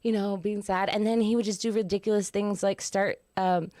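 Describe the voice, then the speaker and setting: A young woman hosting a podcast, telling a story in casual chat, animated and quick to laugh. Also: mid-range voice, dry recording, clean studio sound. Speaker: podcast host.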